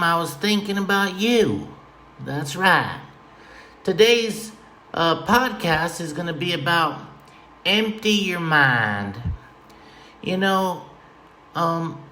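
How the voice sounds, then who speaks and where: A podcast host with a slightly high, bright, forceful voice rambles late at night at home in a folksy, tongue-in-cheek way, drifting off topic. A fan runs in the room, leaving slight background noise.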